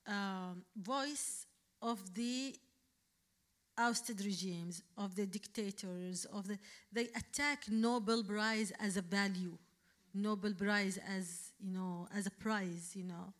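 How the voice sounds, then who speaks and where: A woman from Yemen, an Arabic native speaker with a Yemeni accent, answering questions as a guest speaker at a public talk in halting English full of restarts, building to firm emphasis. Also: mid-range voice.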